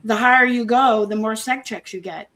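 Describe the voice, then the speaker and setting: A woman being interviewed, talking earnestly in a halting way, with many restarts and homely comparisons. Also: fairly high pitch, a bit bright. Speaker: interview guest, former member of a church group. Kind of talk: casual conversational interview.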